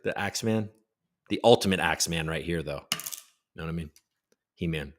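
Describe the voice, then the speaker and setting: A man's voice: low-pitched, fairly quick, long pauses. A man hosting a casual crypto livestream, rambling and joking irreverently as he reads viewer comments.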